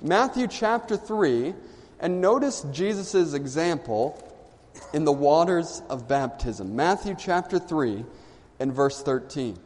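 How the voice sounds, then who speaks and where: A man preaching a sermon to a congregation, reading scripture aloud and pausing for the listeners to fill in the missing words. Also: on the high side, lively intonation, a little mellow, long reverb tail. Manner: asks the congregation questions and lets them fill in words.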